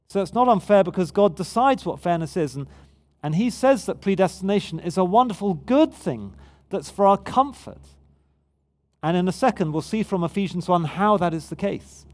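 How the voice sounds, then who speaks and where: A man's voice: high voice, darkish tone. A man preaching a sermon in a conversational yet emphatic way. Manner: conversational, emphatic, with frequent restarts.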